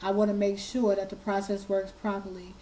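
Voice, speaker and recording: A woman talks to her audience with a hoarse, tearful voice that she keeps steady. Her tone is dark and mellow and stays mostly level. She is earnest and repeats herself as she presses on. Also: mid-range voice, a little fast, poor audio. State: hoarse, fighting tears. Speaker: commentary channel host. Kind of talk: emotional commentary.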